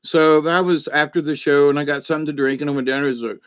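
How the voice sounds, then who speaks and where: A man's voice: fairly high pitch, fairly even intonation, quick pace, a bit bright, clear, resonant tone, no room sound, highs cut off. A man from South Georgia, hosting a live stream and telling rambling stories to his chat. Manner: rambling and chatty, full of "you know" and "but anyway". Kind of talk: casual storytelling to a live chat.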